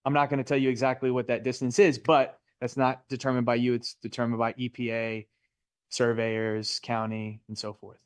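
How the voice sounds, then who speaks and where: A middle-aged man lectures a real estate class in a relaxed, chatty way, tossing questions to the room and cracking small jokes. His voice sits at an ordinary pitch, and the sound is dry and close. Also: normal speed, dry recording. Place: Florida classroom.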